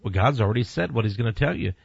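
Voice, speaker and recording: A male preacher delivering a forceful sermon, lurching from quiet to loud and from low to high. He slows right down to read scripture deliberately, and he talks to his listeners bluntly and directly. His voice sits in a middle range and comes through a dull, lo-fi recording with no room sound. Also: expressive, creaky, slightly rough, dry recording. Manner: emphatic preaching with big swings in pitch and loudness; reads scripture slowly and deliberately.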